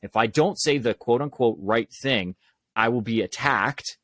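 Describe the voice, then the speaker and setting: A man being interviewed on a podcast tells animated stories with quick asides. His voice sits at a middle pitch. The sound is dry and close, with little room in it. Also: no room sound. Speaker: podcast guest, public speaking coach. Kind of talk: conversational storytelling.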